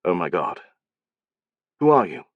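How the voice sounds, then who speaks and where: A man voicing an intense male film director who is emphatic and pleading, speaking in a soft, hushed way. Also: deep voice, very animated, a little slow, no echo, phone-quality sound, pitched below the performer's own voice. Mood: awestruck.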